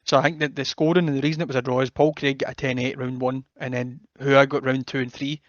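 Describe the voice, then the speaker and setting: A man, co-hosting a casual chat and calmly breaking down fights. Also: mid-range voice, fast talker, dry recording, dull audio. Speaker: podcast co-host.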